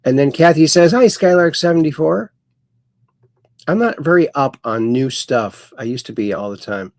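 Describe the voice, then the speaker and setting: A man's voice: mid-range voice, animated, moderate pace, no room sound, studio quality. A man hosting a casual livestream, reading viewers' chat messages aloud in a folksy, playful sing-song way. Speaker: host.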